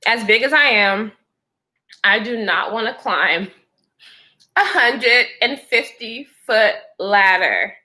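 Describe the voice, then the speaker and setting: A woman's voice: on the high side, slow pace. A woman livestreaming, chatting casually to her viewers as girl and y'all and reacting to their comments as she tells a personal story. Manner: animated, with frequent laughter. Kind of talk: casual storytelling to a live chat.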